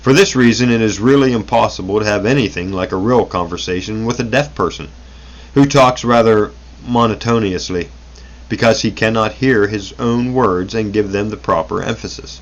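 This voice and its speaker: A man's voice: fairly low pitch, normal speed, muffled recording. A man reading an old self-help booklet aloud, unrehearsed, stumbling over words and correcting himself as he goes.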